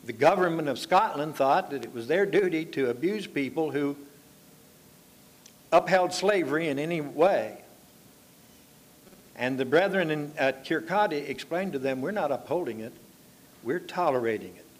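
A man preaching a sermon, earnest and steady. He lifts his voice to stress a point, then falls soft and low to plead with his listeners. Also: a little slow, long pauses. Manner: earnest, rising to emphatic appeals then dropping quiet.

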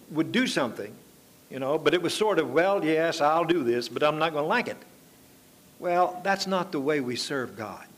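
An older man preaching a sermon, telling stories in an unhurried, folksy way and drawing out his phrases. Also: fairly high pitch, a bit bright. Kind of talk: sermon with anecdotes.

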